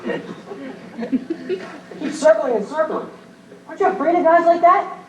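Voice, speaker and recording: A woman's voice: high-pitched, a little fast, a little mellow, a little hiss or hum, close to an everyday voice. A woman playing a sensible, earnest teenage nephew in an amateur stage play, recorded from far off on an echoey stage. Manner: earnest, reassuring.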